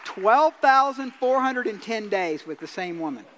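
A man's voice: high-pitched, lively intonation, a little slow, sharp tone, some chatter behind, slight background noise. A middle-aged man preaching a sermon as pastor, telling a story in a folksy way and acting out the dialogue. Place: church sanctuary. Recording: long reverb of a church hall.

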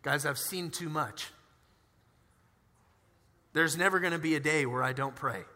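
A young man preaching a sermon in a casual, animated way, telling personal stories and acting out their dialogue. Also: on the high side, a little slow. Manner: animated, conversational, acts out dialogue in his stories. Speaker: pastor. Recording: reverberant church hall.

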